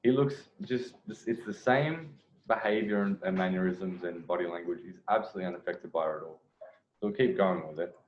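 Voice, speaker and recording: Guy commenting on a dating clip, kinda low voice, roomy dull sound. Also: slight background noise. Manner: pauses clip to explain, laughs often, acts out quotes. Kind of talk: video breakdown commentary.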